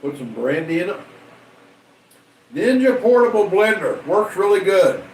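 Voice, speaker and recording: A man's voice: high-pitched, big pitch swings. A man hosting a late-night livestream, casually chatting and teasing viewers as he reads their comments. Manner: slow, rambling, teasing. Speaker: livestream host. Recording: roomy sound from some distance off the mic, faint background hum.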